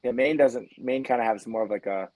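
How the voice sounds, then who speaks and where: A man's voice: medium pitch, darkish tone, dry recording, low-quality recording. A man from New England, a coach guest on a casual podcast, talking with many restarts. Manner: fast, rambling, many restarts.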